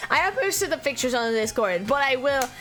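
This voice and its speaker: A woman's voice: high voice, big pitch swings, fairly quick, a bit bright. A young woman, not a native English speaker, chatting casually and giggling with her live chat as a streamer. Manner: chatty, giggly, many fillers and restarts. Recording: faint music behind.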